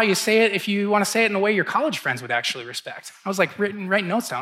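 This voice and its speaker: Bright-voiced male pastor preaching. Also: high voice, animated, fast talker, few pauses. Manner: conversational storytelling, acts out quotes. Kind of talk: sermon.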